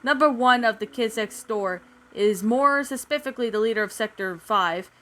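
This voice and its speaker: A woman's voice: fairly high pitch, normal speed, lightly acted. A woman voicing a serious, grim teenage boy who leads a secret team. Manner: grim, calm, planning.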